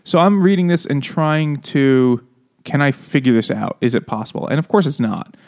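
A man's voice: medium pitch, normal speed, darkish tone. A man co-hosting a casual book podcast, joking and sarcastic, laughing often as he talks. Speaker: podcast co-host. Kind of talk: casual chat.

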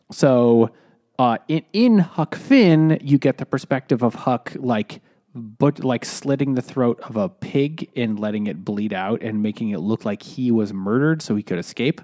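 Mellow-voiced man in rambling casual chat. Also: medium pitch, a little slow. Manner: rambling, frequent restarts and fillers, laughs easily. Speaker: podcast co-host discussing a book.

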